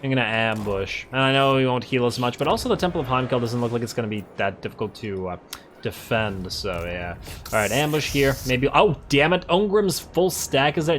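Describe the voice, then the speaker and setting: A man hosting a let's play, casually commenting on a strategy game while thinking aloud, correcting himself and getting excited. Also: medium pitch, slight background noise. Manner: excitable, quick to laugh.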